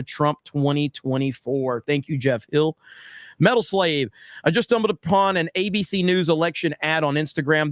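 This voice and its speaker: A male streamer with a slightly high voice, recorded close and dry with no room sound. He reads chat comments aloud in casual livestream commentary, blunt, excitable and quick to swear. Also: clean tone, no room sound. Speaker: streamer reading live chat.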